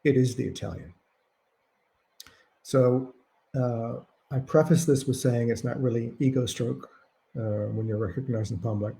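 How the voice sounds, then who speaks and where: A male author speaks over a video call from home, his voice gravelly and mellow, with a relaxed, dark tone. He tells anecdotes casually, with dry, self-mocking humor. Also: medium pitch, moderate pace. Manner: wry, self-deprecating humor. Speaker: author answering reader questions. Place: at home during lockdown.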